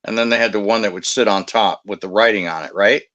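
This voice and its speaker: A man's voice: lowish voice, fast talker, pushed and bright, lo-fi sound. A man who used to guard a cemetery tells blunt, profane anecdotes in casual chat. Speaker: former cemetery security guard.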